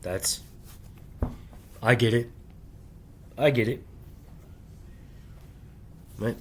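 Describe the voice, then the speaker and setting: A man of ordinary pitch talking straight to the camera in a rambling monologue. He speaks in short, broken fragments and restarts, and caps almost every phrase with an insistent "right?". A faint hiss of noise sits behind his voice. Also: darkish tone. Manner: halting, clipped fragments with restarts; insistent, confrontational address. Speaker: vlogger.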